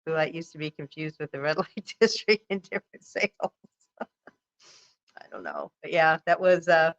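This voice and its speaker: Woman in her forties, casual livestream chat, chatty and easygoing, smooth voice, muffled lo-fi sound. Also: deep voice, big pitch swings, moderate pace. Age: 40s. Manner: chatty and easygoing, laughs often. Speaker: co-host.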